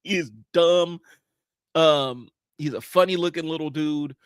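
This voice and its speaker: Rambling man with a higher voice, dry sound. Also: measured pace, clear, resonant tone, no echo. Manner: rambling, lots of fillers and restarts; blunt, casual, swears at times. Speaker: livestream host. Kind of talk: casual comic book commentary.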